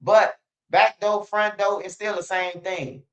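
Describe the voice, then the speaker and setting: A man talks straight to his livestream audience, rambling loosely and swearing as he goes. His voice sits a little high for a man. The stream audio is slightly dull and lo-fi. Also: little pitch movement, unhurried, a bit bright. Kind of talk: casual livestream commentary. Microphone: streaming setup.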